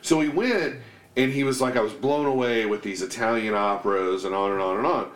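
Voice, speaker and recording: A man co-hosting a podcast, telling an anecdote in a casual, animated way. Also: medium pitch, a little fast. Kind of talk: casual chat, storytelling. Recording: roomy echo.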